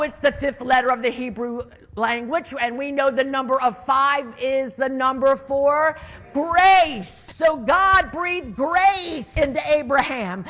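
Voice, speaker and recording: A woman preaching a sermon, calling out for amens and rising to loud, emphatic declarations. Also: very high voice. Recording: long hall reverb.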